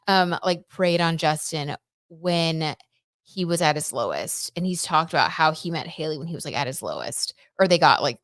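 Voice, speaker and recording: A woman's voice: low-pitched, fairly bright tone, dry recording, clean studio sound. Chatty woman hosting a tarot livestream. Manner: chatty, reads viewer comments aloud, frequent "like" and "I don't know". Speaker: tarot reader and livestream host. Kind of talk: casual livestream chat.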